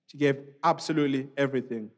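A man preaching a sermon in a church, speaking in an animated, conversational way with many asides to the congregation. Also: medium pitch, quick pace. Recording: long reverb of a church hall.

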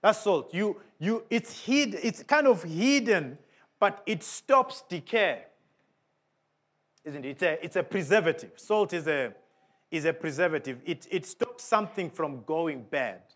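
A man's voice: expressive, unhurried. A man preaching a sermon in an emphatic way, often putting questions to the congregation. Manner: emphatic, with big swings of pitch and volume.

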